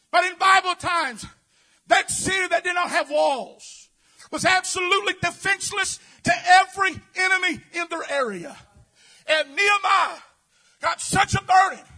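A man preaching an impassioned sermon, often shouting and dropping in amens. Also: extremely high pitch.

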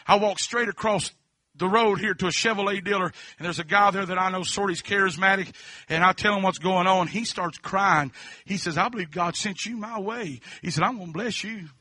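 A high, sharply bright male voice, telling his testimony from the pulpit. He spins a folksy story, drops amens throughout, and flips between hushed asides and full shouting. The sound is close and dry. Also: dry recording. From Kentucky. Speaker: preacher. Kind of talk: sermon testimony.

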